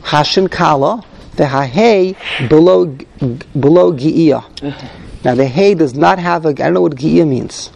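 A man's voice: fairly high pitch, moderate pace, vocal fry, a little mellow. A man leading a text study class, reading Hebrew phrases aloud and translating them, thinking aloud as he goes. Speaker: Torah class teacher.

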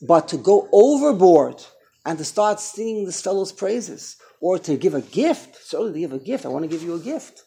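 Gravelly man teaching a religious class. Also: high voice, moderate pace. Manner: animated, repeats and restarts phrases. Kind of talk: Torah class lecture.

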